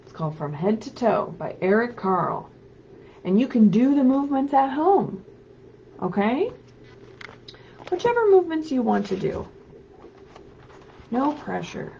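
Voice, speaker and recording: A woman librarian hosting story time, reading picture books aloud to children in an animated, sing-song way and prompting them to join in. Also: a little high, unhurried, vocal fry, pauses often, lo-fi sound, slight background noise.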